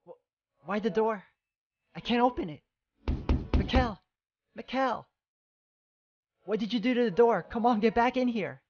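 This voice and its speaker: A desperate young woman cries out and begs, her voice pitched high and pushed loud, as a man puts her on while reading game lines. Her words come fast and frantic, full of fear for her lover. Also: animated, dull audio, a little hiss or hum. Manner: frantic, pleading, raised voice. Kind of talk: reading game dialogue aloud.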